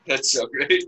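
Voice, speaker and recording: A man's voice: pushed and bright, slight background noise, low-quality recording. A man chatting casually and crudely with a friend, laughing often as he jokes. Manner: laughs constantly, crude and joking. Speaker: podcast co-host. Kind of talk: casual comedic chat.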